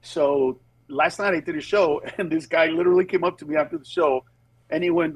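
A man's voice, higher than most and a little husky, tells stories on a radio call-in. He jumps into other people's voices and stumbles through restarts. The sound is close and dry. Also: brisk, no room sound, rough recording. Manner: animated storytelling, acts out voices, many restarts. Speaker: comedian guest. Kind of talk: phone-in radio interview. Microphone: phone or Bluetooth line.

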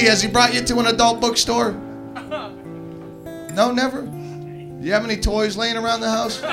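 A man doing crowd work in a stand-up set, teasing audience members and telling a rowdy story. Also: very high voice. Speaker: stand-up comedian.

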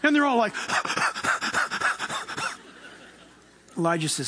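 A man preaching a sermon as pastor, animated, acting out quoted voices and exclamations. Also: sits high, moderate pace, background noise.

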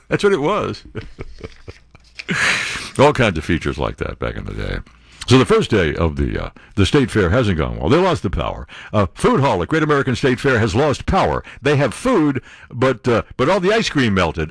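An older man hosting a radio talk show, rambling and joking with asides and quick impressions. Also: lowish voice, wildly swooping pitch, vocal fry, breathy edge, dry recording, clean studio sound. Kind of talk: casual talk radio banter. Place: radio studio.

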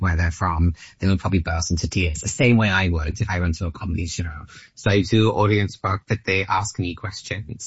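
An Australian man in his late thirties, speaking low and unhurried. He rambles and hedges, putting himself down with a lot of likes and ums. The recording is dry and dull, like a lo-fi studio mic. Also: breathy edge, no room sound. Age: late 30s. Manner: rambling, self-deprecating, hesitant with many likes. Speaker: comedian guest. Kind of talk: casual interview chat.

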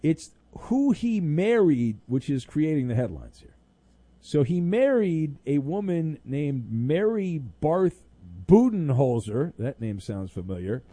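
A man's voice: fairly high pitch, very animated, takes it slowly, dark tone, no echo. A man hosting a sports talk radio show, sarcastic and mock-exasperated with callers.

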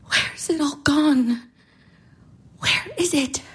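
A woman's voice: on the high side, fairly even intonation, moderate pace, a little mellow, husky, low-quality recording. An actress in her twenties playing a despairing young woman, anguished, sighing and whispering. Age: 20s. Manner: anguished, breaking into sighs and whispers. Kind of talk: stage drama acting.

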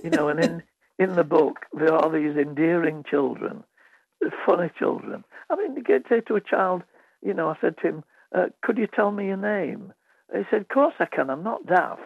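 A man's voice: a little high, lively intonation, moderate pace, vocal fry, no room sound. A man telling funny anecdotes as a radio guest, acting out the voices of children and teachers. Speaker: author guest. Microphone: phone line. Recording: tinny phone line, dry.

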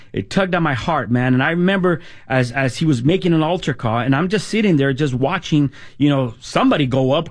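A middle-aged man tells his personal testimony in a loose, conversational way. His voice sits a little high for a man, and he restarts words and sprinkles in "man" as he goes. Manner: casual, repeats words, says "man" often. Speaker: guest sharing testimony.

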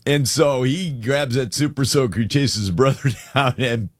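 A man's voice: mid-range voice, normal speed, dry recording, clean studio sound. A man hosting a casual chat, telling a story with animation and frequent laughs.

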